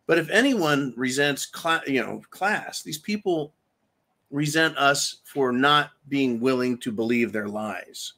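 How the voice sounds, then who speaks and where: A man's voice: medium pitch, takes it slowly, sharp tone. A man hosting political commentary, delivering an angry, profane, sarcastic rant and repeating himself for emphasis.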